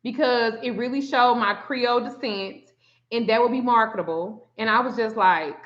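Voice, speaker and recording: A woman telling a story in a casual chat, animated and profane, often acting out the quotes. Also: a little high, normal speed. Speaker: spiritual reader and vlogger. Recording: muffled lo-fi sound.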